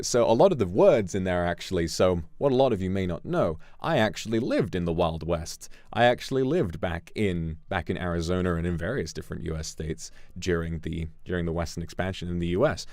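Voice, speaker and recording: A man streamer chatting casually, telling an animated story with sudden jumps in pitch. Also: no echo. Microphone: streaming microphone. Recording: dry close mic, faint music behind.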